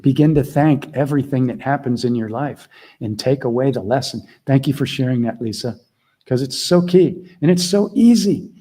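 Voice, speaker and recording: A middle-aged man leads a group call as a mentor, his mellow, warm voice sitting in an ordinary middle register. He talks earnestly and conversationally, dropping into quiet asides before leaning hard on his key points. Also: medium pitch, expressive, moderate pace, breathy edge. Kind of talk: casual teaching talk.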